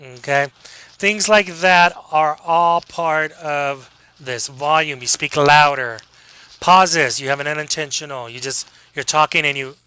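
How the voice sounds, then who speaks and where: A man giving a casual classroom lecture, joking with students, acting out quick examples and checking in with a frequent "okay?". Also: on the high side, sharp tone, clear, resonant tone, low-quality recording. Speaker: college lecturer.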